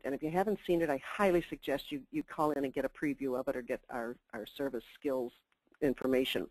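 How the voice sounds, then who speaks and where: A woman's voice: low-pitched, dry recording, low-quality recording. An older woman giving a chatty, emphatic customer service webinar talk with asides. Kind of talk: webinar presentation.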